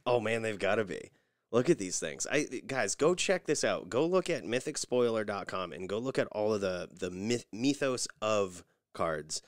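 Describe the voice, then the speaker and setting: Animated low-voiced man telling stories. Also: moderate pace, no echo, clean studio sound. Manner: animated storyteller, mimics voices in anecdotes. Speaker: podcast co-host. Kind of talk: casual chat.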